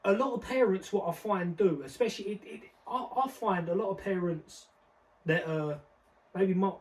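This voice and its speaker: A young man with a notably high voice, speaking forcefully in street slang on a podcast. His words come from a distance, as if the mic sits far from him. He repeats himself as he pushes his points. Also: normal speed. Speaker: podcast co-host. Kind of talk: casual discussion.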